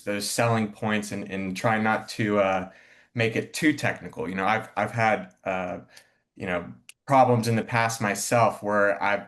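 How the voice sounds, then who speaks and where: Low-voiced guy on a panel, lots of ums and restarts while he asks his question. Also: a bit bright. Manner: halting, many fillers and restarts.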